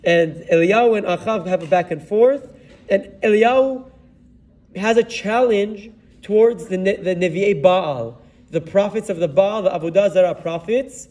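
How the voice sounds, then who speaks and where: Giving a Torah talk, a rabbi with a high, slightly mellow voice retells a Bible story as a sermon at a moderate pace. He weaves Hebrew words and verses into his English, and he's recorded from some distance from the microphone.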